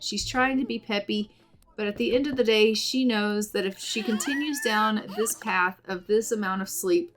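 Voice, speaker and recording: A woman giving casual, chatty let's play commentary on a life-sim game, doting on the characters. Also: medium pitch. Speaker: gaming channel host.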